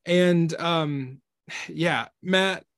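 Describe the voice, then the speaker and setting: A man casually discussing a comic book issue on a podcast, animated and laughing as he retells scenes. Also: a little high, drawn-out words, dry recording, clean studio sound. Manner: animated, mock-archaic quoting, laughing. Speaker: podcast co-host.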